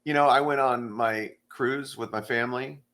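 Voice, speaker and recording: At a medium pitch and normal speed, this middle-aged comic spins laid-back anecdotes on a podcast, voicing each character himself.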